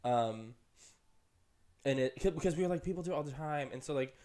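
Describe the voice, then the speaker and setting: A man's voice: fairly quick, mellow. A young man co-hosting a podcast, telling a long story in casual chat with lots of "like" and "um". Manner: chatty, rambling, full of "like" and "um"; jumps up high for quoted voices and laughter. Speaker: podcast co-host.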